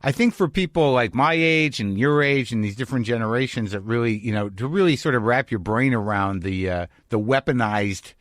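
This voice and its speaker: A man's voice: medium pitch, brisk, few pauses, fairly bright tone, no room sound, studio quality. A man hosting a podcast, talking candidly and reflectively, often restarting his sentences. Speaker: podcast host. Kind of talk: casual conversational monologue and interview.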